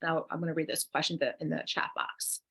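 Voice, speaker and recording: A woman's voice: low-pitched, completely flat delivery, a little fast, vocal fry, sharp tone, breathy edge. A woman with a New Jersey accent co-hosting a live online wellness workshop, chatting through viewer comments and guiding breathing exercises over a computer mic. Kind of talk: live webinar, reading chat replies.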